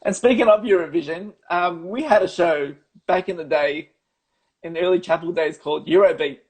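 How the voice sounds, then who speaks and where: A man's voice: sits high, moderate pace, breathy edge, poor audio. A man hosting a casual interview over a video call, chiming in with brief, encouraging remarks. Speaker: host.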